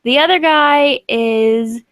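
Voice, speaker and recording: A woman's voice: high voice, takes it slowly, fairly bright tone, clear, resonant tone, dry recording. A woman running a tabletop role-playing game as game master, narrating the scene in a chatty way and laughing often.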